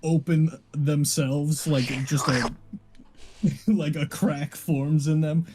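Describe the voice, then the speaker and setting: A man's voice: fairly high pitch, fairly even intonation, slow pace, noisy background. A young man playing a tabletop game, laid-back and giggly as he describes his character. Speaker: player.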